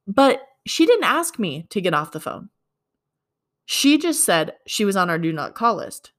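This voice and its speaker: In a sing-song, unhurried, slightly bright mid-range voice, a woman who works as a leasing agent tells a story from her job. It's conversational sales advice, and she voices both people in the exchange.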